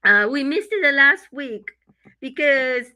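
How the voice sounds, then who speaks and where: A middle-aged woman from Japan hosts a casual live podcast over her computer mic. Her voice is very bright and sits a little high, and a cold leaves it stuffy. She talks haltingly, with frequent fillers. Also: animated, rough recording. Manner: halting, with many fillers and laughs. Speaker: podcast co-host. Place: home in winter.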